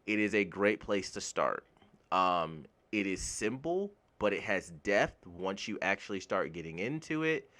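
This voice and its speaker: A man from the United States giving a casual, blunt gaming commentary rant, swearing freely and getting animated when worked up. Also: lowish voice. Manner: blunt, swears freely, laughs at own jokes. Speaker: gaming YouTuber.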